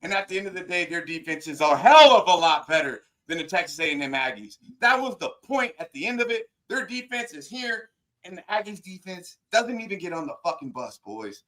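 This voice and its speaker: A man co-hosting a sports radio show, arguing loudly and swearing constantly in a heated debate. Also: high voice, very animated, fairly quick. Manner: loud, profane, yelling. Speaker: co-host. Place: radio studio.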